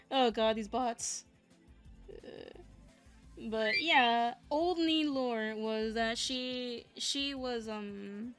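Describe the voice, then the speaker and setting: A woman's voice: a little high, a bit bright. A woman talking casually about her original characters, rambling and venting, swearing freely as she goes. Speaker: content creator.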